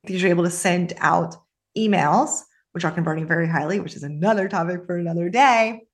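A woman hosting her own podcast, coaching listeners on social media in an upbeat, chatty way with quick asides. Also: on the low side. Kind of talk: casual solo podcast talk.

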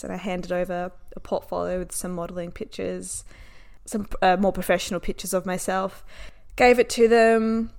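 A young woman from Australia recounts a personal story to her viewers in a relaxed vlog. Her voice sits at an ordinary pitch, and she animates the tale by acting out other people's lines as she goes. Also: normal speed, vocal fry, clear, resonant tone. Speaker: vlogger. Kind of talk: casual storytelling.

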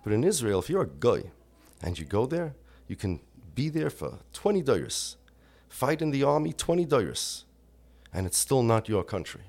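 A man's voice: medium pitch, very animated, normal speed, darkish tone. A middle-aged American man giving an impassioned religious lecture, emphatic and full of rhetorical questions. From United States. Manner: emphatic, with rhetorical questions and Yiddish and Hebrew terms.

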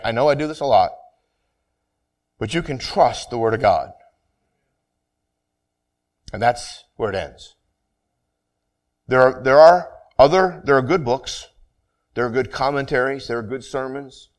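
A man preaching a sermon to his congregation, slowing down to read scripture and pray, and often repeating and restarting his phrases. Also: medium pitch. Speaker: pastor.

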